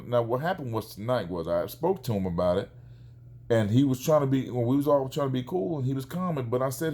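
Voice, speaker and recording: A man, a father, telling a neighbor story in a casual vlog, animated and acting out the quoted exchanges. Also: medium pitch, moderate pace.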